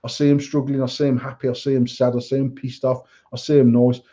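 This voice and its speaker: A man's voice: medium pitch, flat delivery, fast talker, warm tone. Blunt, sweary man ranting. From England. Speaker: podcast co-host. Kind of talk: casual chat. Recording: dull lo-fi sound.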